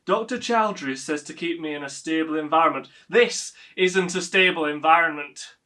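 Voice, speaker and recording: A man's voice: on the high side, normal speed, bright, forceful tone. A young man playing a fussy, pedantic middle-aged son in a filmed stage monologue. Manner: dry, pedantic, nervous. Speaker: actor playing a grown son.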